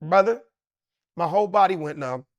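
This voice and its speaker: Animated storytelling man with a raised voice. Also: moderate pace, dry recording, muffled recording. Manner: lively and emphatic, swinging from loud excited bursts to low hushed asides. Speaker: comedian and actor, interview guest. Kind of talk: animated storytelling in a sit-down interview.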